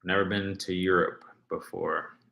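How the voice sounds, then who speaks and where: A man's voice: deep voice, flat delivery, measured pace, gravelly, sharp tone, echoey room. A man hosting a casual livestream, rambling and reading viewers' comments aloud as he talks. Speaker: livestream host.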